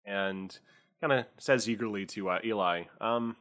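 A man's voice: lowish voice, a little slow, a bit bright. A man running a tabletop game as game master, narrating with a rambling, filler-heavy manner.

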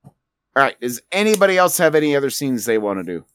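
A man's voice: mid-range voice, big pitch swings, quick pace, a bit bright, clean tone, no room sound. Male game master, rambling and full of fillers, close dry mic. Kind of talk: narrating a tabletop game.

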